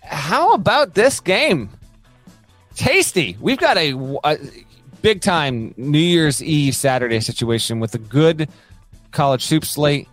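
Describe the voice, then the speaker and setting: A man with a somewhat high voice co-hosts a casual sports podcast. He talks in animated bursts full of quick asides. A faint music bed sits under him. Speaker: podcast co-host.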